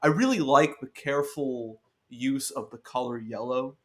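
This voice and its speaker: A man's voice: mid-range voice, moderate pace. A man in casual podcast chat, blunt and sweary, laughing often and stacking fillers as he reviews a film. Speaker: podcast guest film critic.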